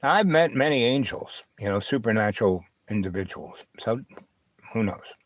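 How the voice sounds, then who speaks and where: With a fairly low pitch and lively intonation, a livestream host rambles through a long personal story, halting often with fillers, restarts, and "you know, right?" asides. The recording is rough, with a little hiss or hum.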